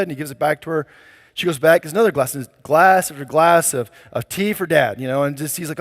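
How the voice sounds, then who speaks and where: A man's voice: a little high, expressive, brisk, a bit bright. Casual, chatty man preaching in a reverberant hall. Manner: casual, conversational preaching full of fillers. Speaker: pastor. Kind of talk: sermon.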